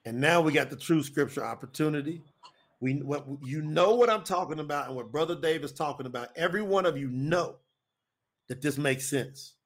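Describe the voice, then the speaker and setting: A man, preaching to an audience in a folksy, animated, repetitive way. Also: fairly high pitch, fairly quick. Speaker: preacher and co-host.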